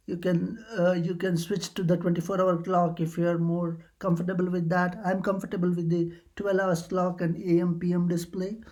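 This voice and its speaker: In a casual screen-recording walkthrough, a tutorial host hesitantly goes over computer settings, full of "uh" fillers and restarts. The voice is medium-pitched and a little mellow.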